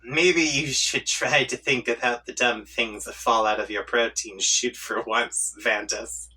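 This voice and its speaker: A woman's voice: rumbling low, steady tone, unhurried, pushed and bright, breathy edge, recorded from a distance, full character voice. A man reading a comic aloud, voicing a haughty, scheming young female troll who talks with smug taunts. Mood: taunting.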